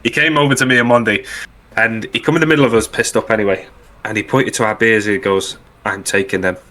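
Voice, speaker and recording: A man with a bright, forceful voice, hosting a podcast. He tells a rowdy barracks anecdote and plays out each line of dialogue. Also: mid-range voice, quick pace. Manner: animated anecdote-telling with acted-out quotes. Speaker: podcast host. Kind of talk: casual chat.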